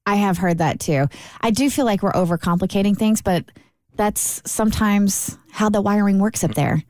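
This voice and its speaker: A woman with a Midwest accent co-hosting a morning radio show, chatty and quick to laugh. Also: medium pitch, a little mellow, no echo, studio quality. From Upper Midwest. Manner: reads listener letters aloud, chatty and laughing. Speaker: radio co-host. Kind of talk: casual radio banter.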